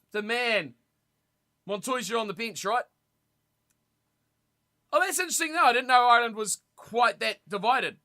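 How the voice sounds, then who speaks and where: A young man streaming a rugby watch party, commentating on the play and chatting casually with his viewers, with sudden loud reactions. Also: sits high. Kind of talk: casual live commentary and chat.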